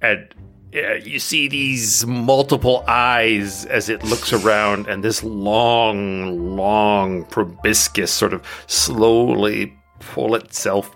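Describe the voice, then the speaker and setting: Slow-spoken woman game master. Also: rumbling low, steady tone, fairly bright tone, soft background music. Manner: slow, descriptive, laughs often. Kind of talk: narrating a tabletop game.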